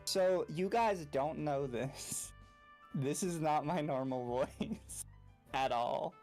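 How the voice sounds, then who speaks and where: A man's voice: a little high, slow pace, a little mellow, soft background music. A young man with a faint Southern US accent, co-hosting a casual podcast and telling frank, joking stories. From Southern United States. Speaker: podcast co-host.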